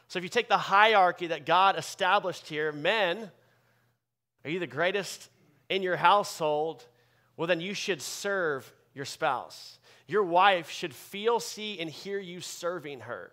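A man pastor delivering a sermon with emphatic preaching that swings from loud bursts to quiet asides. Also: sits high, a little slow.

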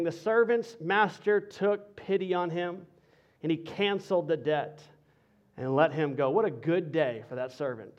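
A male pastor preaching a sermon to his congregation, conversational and energetic, shifting into a soft, earnest intensity. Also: fairly high pitch, a little slow, muffled recording.

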